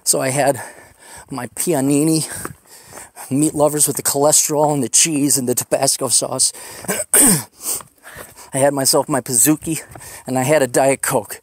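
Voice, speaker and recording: A man's voice: mid-range voice, fairly even intonation, normal speed, long pauses, a little mellow, no room sound. A man hosting a podcast, rambling casually while hiking outdoors on a desert trail, ranting with profane sarcasm. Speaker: podcast host.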